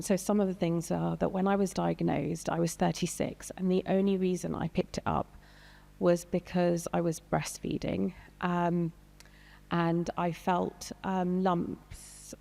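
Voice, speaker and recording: A woman's voice: on the low side, creaky, warm tone. A woman in her thirties, a doctor, speaking hesitantly with many fillers and some emotion on a panel discussion. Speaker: doctor and patient guest. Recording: long hall reverb.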